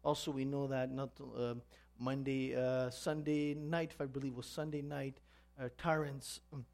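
A man preaching a sermon as pastor, earnest and animated, asking the congregation for amens. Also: medium pitch, moderate pace. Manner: earnest, asks the congregation "Amen?"; storytelling with animated voices.

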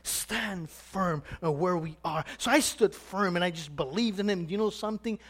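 A man's voice: high-pitched, normal speed. A man preaching a sermon as pastor, telling his own story and acting out the questions of his listeners. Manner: animated preaching with acted questions and rising emphasis.

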